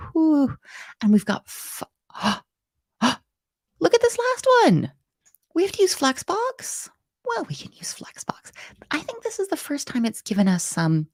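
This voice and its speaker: A playful woman instructor talks through a live coding lesson, thinking aloud and reacting to her chat. Her voice is husky with a gravelly edge and moves lively up and down. The sound is dry and close. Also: mid-range voice, dry recording.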